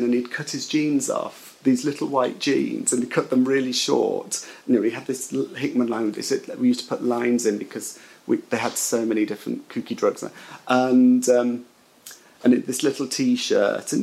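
A man recounting a personal memory in halting, emotional storytelling, with frequent restarts. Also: mid-range voice, vocal fry, darkish tone, poor audio. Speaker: interviewee. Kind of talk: personal recollection.

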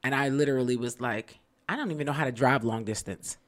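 A woman chatting casually as a podcast co-host, telling stories with lively acted-out voices of other people. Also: very deep voice, fast talker. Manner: animated storyteller who acts out other people's voices. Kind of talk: casual chat.

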